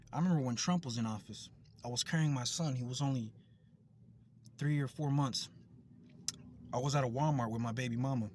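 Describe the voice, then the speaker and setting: A man's voice: mid-range voice, a little hiss or hum. A man from the United States, a vlogger, delivering a heated, profane, repetitive rant to camera.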